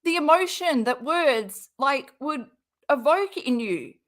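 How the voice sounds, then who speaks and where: A woman with a high voice and a slow, deliberate way of talking gives exasperated, sarcastic commentary. She swears often and has a cold. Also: lively intonation, fairly bright tone. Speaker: reaction streamer. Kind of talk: angry commentary over a clip.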